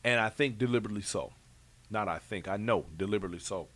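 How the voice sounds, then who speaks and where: Man, lowish voice, casual show host, emphatic slang. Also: quick pace. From Chicago. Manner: relaxed, emphatic, slangy Chicago talk. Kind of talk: casual recap chat.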